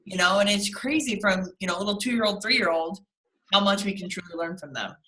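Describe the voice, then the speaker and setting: A young woman with a bright, forceful voice talks to her sales team in casual motivational chat. She is animated and acts out little scenes as she goes. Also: mid-range voice, a little fast, echoey room, low-quality recording. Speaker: co-host of a sales team call.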